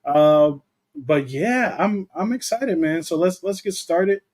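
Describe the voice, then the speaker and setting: Soft music plays behind a young man who co-hosts a relaxed movie livestream, reading out viewer comments as he chats. He speaks slowly and expressively in a high, slightly mellow voice.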